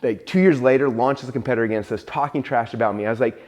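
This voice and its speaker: A man talks quickly through a casual conversation. He peppers his stories with fillers and quick restarts. When he acts out his own panic, his voice jumps high and loud. His pitch sits in the middle for a man. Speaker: host and entrepreneur.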